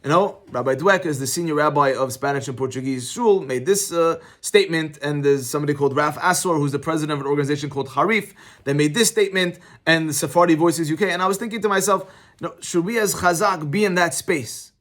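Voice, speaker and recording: Speaking fast in a fairly high-pitched voice, a middle-aged rabbi gives a relaxed Torah lesson. Lively and chatty, he makes his points by telling stories from his own life.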